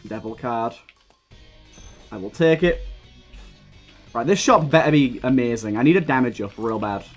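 A man's voice: medium pitch, moderate pace, faint music behind. A young man giving live gameplay commentary, ranting heatedly and swearing often as he plays. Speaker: gaming video creator.

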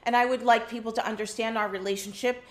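A woman's voice: a little high, fairly even intonation, fast. A woman explaining herself on an after-show, earnest and careful. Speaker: reality show cast member.

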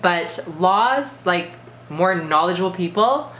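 A vlogger with a sore throat gives an emphatic, indignant opinion in a casual vlog, using "like" constantly. Her voice is fairly low and fairly bright, with lively intonation and a slow pace. The room is echoey, with faint background noise.

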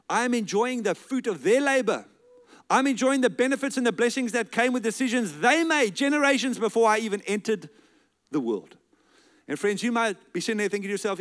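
High-voiced man preaching with rhythmic emphasis. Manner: drops to a soft, low voice to stress key words. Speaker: pastor. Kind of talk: sermon. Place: church service with a live congregation.

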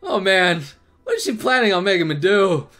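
A man giving excitable let's play commentary, laughing and swearing through his reactions. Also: high-pitched, moderate pace. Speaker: gaming channel host.

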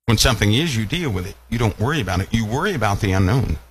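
A man's voice: fairly low pitch, expressive, very fast, slight background noise. A man preaching a sermon, asking his listeners rhetorical questions and repeating phrases for emphasis.

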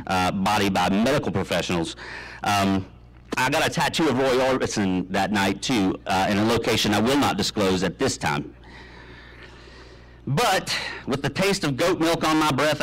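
Man, 30s, graduation speaker, dry deadpan humor, halting fillers, mid-range voice. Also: mid-range voice, rough recording. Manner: deadpan tall tales with many ums. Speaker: commencement speaker. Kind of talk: humorous commencement speech. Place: graduation ceremony, speaking to an audience.

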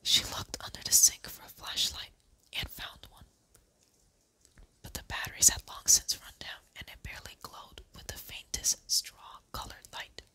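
An ASMR host reading a children's book aloud in a slow, gentle whisper.

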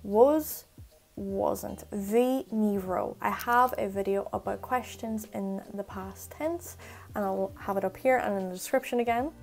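Chatty woman tutor, gravelly voice. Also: medium pitch, darkish tone, soft background music. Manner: quick, chatty explanations with slow, repeated example phrases. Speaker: Irish language tutor. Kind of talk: casual spoken language lesson.

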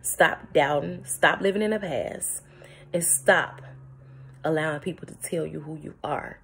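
Woman vlogger, gravelly and husky, preachy and emphatic, laughs a lot. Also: low-pitched, unhurried. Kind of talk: motivational morning talk. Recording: phone-recorded vlog.

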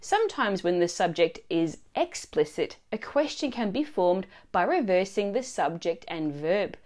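Woman teacher reading a lesson, voice bounces up and down a lot, clear and expressive. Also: fairly low pitch, a little slow. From Australia. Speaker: language teacher. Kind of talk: scripted lesson narration.

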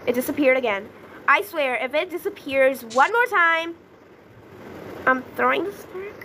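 A young woman chatting through a video game as she plays it, easily flustered, with gasps and excited outbursts. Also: high-pitched, moderate pace, noisy background. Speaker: gaming YouTuber. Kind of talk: casual gameplay commentary.

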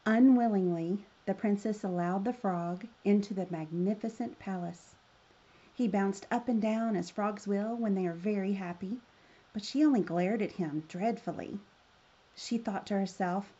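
Gravelly woman reading a fairy tale. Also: mid-range voice, normal speed, muffled recording. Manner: gentle, expressive read-aloud. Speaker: storyteller.

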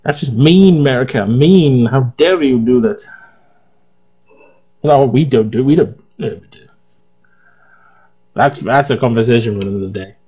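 A man's voice: mid-range voice, unhurried, long pauses, darkish tone, breathy edge, highs cut off. A groggy, worn-out English man chatting and rambling through casual gameplay commentary as a let's play host.

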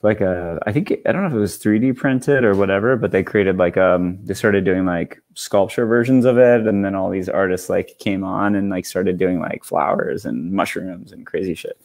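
A man's voice: low-pitched, moderate pace, vocal fry, few pauses, a little mellow. A man on a video call talking casually as a guest, rambling with lots of fillers and swearing freely. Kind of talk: casual chat.

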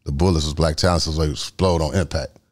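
A man speaks in a very low voice. He is a guest telling a long, rambling story. He drops into street slang and acts it out with sound effects. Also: steady tone, a little fast. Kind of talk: storytelling interview.

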